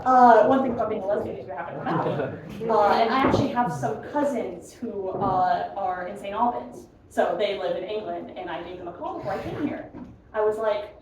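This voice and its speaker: A woman's voice: mid-range voice, expressive, fairly quick, a crowd in the background. A young American woman doing a stand-up comedy set, self-deprecating and chatty, often laughing at her own jokes. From United States. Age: young adult. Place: comedy club room with a live audience. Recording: echoey room, mic heard from a distance, noisy.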